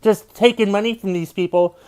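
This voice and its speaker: A man's voice: high voice, steady tone, fairly quick, a little mellow, clean tone. A man who hosts his own podcast as a stand-up comedian, ranting in an exasperated, profane way and repeating his refrains. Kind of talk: comedic rant.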